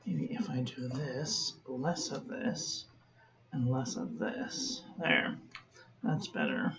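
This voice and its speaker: A woman calmly reviewing fountain pen ink in a chatty vlog, often correcting herself as she talks to her viewers. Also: very deep voice, slow, highs cut off, noisy background. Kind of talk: unhurried product review.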